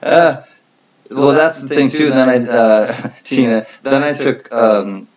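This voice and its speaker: A man's voice: medium pitch, slow. A man hosting a casual livestream chat, rambling and correcting himself as he goes, often laughing. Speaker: livestream host. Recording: dull lo-fi stream audio.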